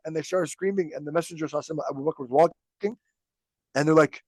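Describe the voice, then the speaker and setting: This podcast host speaks quickly in a slightly high male voice, recorded without any room sound. His religious history lesson is loose and story-driven, with quotes performed aloud and occasional laughter.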